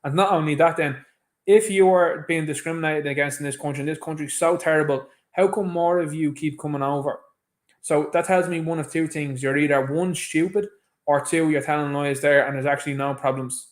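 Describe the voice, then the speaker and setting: Irish male host, somewhat high-pitched, emphatic opinion commentary, mocks others. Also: fairly even intonation, fairly quick. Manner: emphatic, indignant, mimics others mockingly. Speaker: show host. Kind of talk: opinion commentary on a played clip.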